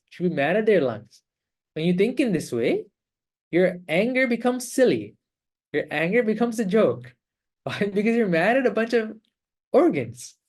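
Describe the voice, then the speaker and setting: A man leading an online meditation class over a video call, explaining calmly with repeated phrases and rhetorical questions. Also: sits high. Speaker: meditation teacher.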